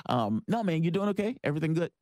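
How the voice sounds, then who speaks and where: A man's voice: a little high, very animated, fast talker, darkish tone, no echo. A man hosting a radio interview show, chatting casually and rambling a little with fillers.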